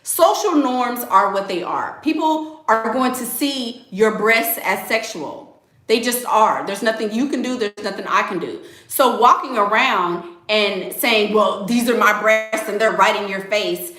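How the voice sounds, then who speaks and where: A woman's voice: fairly high pitch, echoey room. A young woman hosting a casual livestream, reading out donations and talking emphatically, repeating her points and saying "y'all" often. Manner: animated, emphatic, repeats phrases, Southern US slang like "y'all".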